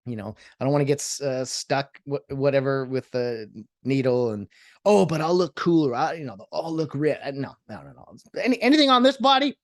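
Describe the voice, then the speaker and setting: A man rambles sarcastically through a solo podcast, skipping from topic to topic. His pitch leaps around wildly, and the recording is dry and close-miked with no sense of room.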